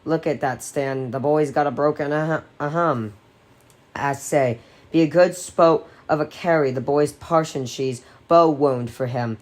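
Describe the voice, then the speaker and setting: A woman voicing a boy who puts on a grandly rolling southern-gentleman drawl, clearing his throat as he goes. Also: low-pitched, a little slow. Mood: blustery.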